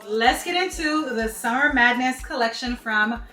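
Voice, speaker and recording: A woman's voice: on the high side, normal speed, sharp tone. A young woman, gushing to her viewers while unboxing in a casual vlog. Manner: gushing, exclaims often, talks straight to viewers. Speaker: beauty vlogger. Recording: echoey room, faint music.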